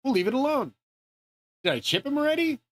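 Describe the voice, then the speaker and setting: A man's voice: very high-pitched, very animated, fairly quick, pitched above the performer's own voice. A man impersonating a scheming tech billionaire who talks crudely and sounds bemused.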